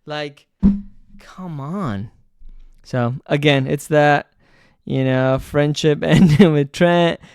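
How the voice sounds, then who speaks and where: A man's voice: on the high side, slow, long pauses, darkish tone, smooth, no echo, studio quality, faint music behind. A man giving casual, profane, exasperated commentary as a football vlogger, rambling with fillers.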